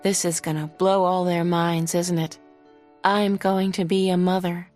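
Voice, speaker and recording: A woman voicing a tired, tender teenage girl with wings who has just become a mother, speaking softly and intimately. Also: fairly low pitch, flat delivery, unhurried, faint music behind, lightly acted.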